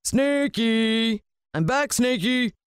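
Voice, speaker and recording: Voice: medium pitch, animated, very slow, clear, resonant tone, no echo, studio quality, voice pushed up. A storybook reader voicing a huge, beastly, gluttonous man who calls out in a gleeful, sing-song way. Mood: smug. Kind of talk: storybook reading.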